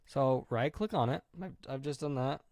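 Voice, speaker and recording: A man's voice: mid-range voice, normal speed, a little mellow, dry recording. A young man live-streaming and chatting casually, reading comments, rambling and apologizing a lot at his own expense. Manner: self-deprecating, rambling, apologetic.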